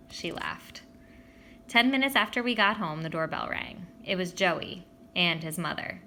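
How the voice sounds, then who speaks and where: A woman's voice: on the low side, normal speed, pushed and bright, a little hiss or hum. A woman reading a children's novel aloud, expressively voicing its characters. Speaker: audiobook reader.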